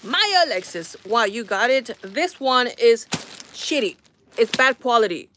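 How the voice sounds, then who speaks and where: A woman's voice: a little high, a little slow, a little hiss or hum. Exasperated young woman on a live stream. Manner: exasperated, animated, talks to viewers. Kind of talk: casual live-stream chat.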